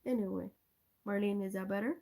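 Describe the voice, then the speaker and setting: A woman's voice: medium pitch, fairly even intonation, fairly quick, creaky, mellow. A woman hosting a live stream from her cell phone, telling a rambling story in a chatty way and talking to her viewers by name. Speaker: livestream host.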